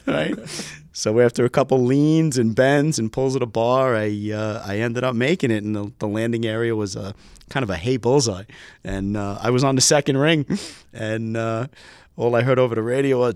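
A man's voice: medium pitch, unhurried, clean tone, dry recording, clean studio sound. A man from the US East Coast, a police aviation lieutenant telling stories as a guest and laughing often. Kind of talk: storytelling interview answers.

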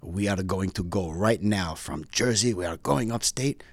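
A man voicing his old hang gliding instructor, a relaxed man with a heavy Greek accent who calls everyone dude. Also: deep voice, normal speed, dry recording. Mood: laid-back.

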